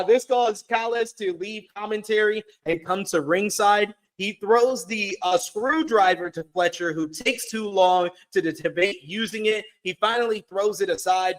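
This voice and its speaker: High-voiced man recapping wrestling. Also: rough recording. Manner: fast play-by-play recap with excited asides. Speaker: wrestling show reviewer. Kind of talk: casual recap of a wrestling show.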